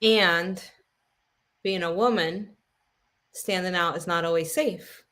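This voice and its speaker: A woman's voice: on the low side, fairly even intonation, takes it slowly, bright, forceful tone. A woman talking as a podcast guest in a casual conversation, reflective and searching for the right words.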